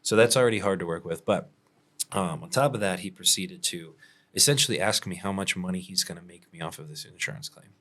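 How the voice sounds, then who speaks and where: Male contractor, podcast host, very deep voice, relaxed storyteller who chuckles often. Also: a little fast. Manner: laid-back, chuckles often, many fillers.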